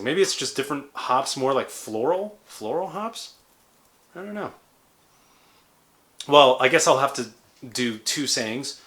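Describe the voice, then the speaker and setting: Guy in his 30s doing a chill beer review vlog, bright tense voice, goofy little jokes. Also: mid-range voice. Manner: playful, jokey, chatty asides. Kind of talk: casual food and drink review vlog.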